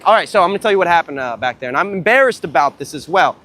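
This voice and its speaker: A young man with a fairly high voice, livestreaming from a beach into a phone he carries as he walks. He talks in a loose, rambling, profane way that turns excitable as his stories build. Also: racing. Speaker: dating coach livestreamer. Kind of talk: casual livestream vlog. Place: outdoors at a beach.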